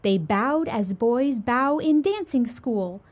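Slow, sing-song woman storyteller. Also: fairly high pitch, lively intonation, darkish tone. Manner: sweet, sing-song and unhurried. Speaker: children's storyteller. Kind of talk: reading a picture book aloud to children.

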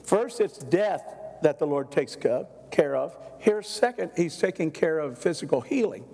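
A man's voice: a little high, moderate pace, gravelly. Older male pastor in a reverberant hall. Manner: folksy, animated storyteller who acts out voices. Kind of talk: sermon with personal storytelling.

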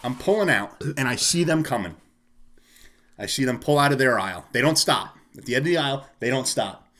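A man's voice: mid-range voice, brisk. A man telling a story in casual chat, ranting and swearing with lots of energy. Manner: profane, animated ranting.

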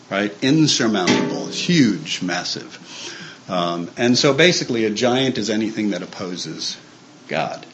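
A man's voice: fairly low pitch, a bit bright, a little hiss or hum, rough recording. A man giving an informal sermon to a church staff group, conversational and full of fillers and restarts. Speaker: church speaker.

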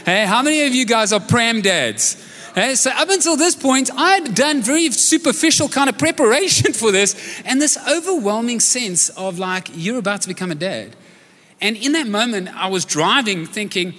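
High-voiced male preacher in a reverberant hall. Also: expressive, brisk, bright, forceful tone. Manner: conversational, jokey, asks the audience questions. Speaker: pastor. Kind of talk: sermon with personal stories. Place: church auditorium, live service. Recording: long hall reverb from a live service.

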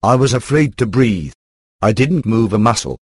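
A man reading a first-person book aloud in an even, computer-rendered narration. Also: medium pitch, normal speed, slightly rough, dry recording. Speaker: audiobook narrator.

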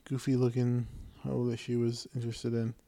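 In a relaxed podcast conversation, a male co-host swears freely and performs the lines of people from his stories, livening up as he quotes them. He has a mid-range voice and a moderate pace.

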